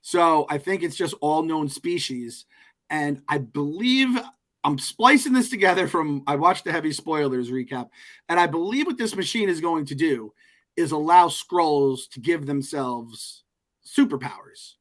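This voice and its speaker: A man co-hosting a podcast in casual chat, animated, profane and joking. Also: on the high side, measured pace. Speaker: podcast co-host.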